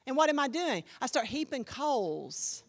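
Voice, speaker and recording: A woman pastor preaching a sermon with animated storytelling, acting out the voices of the people she quotes. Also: high-pitched, measured pace, big-room sound.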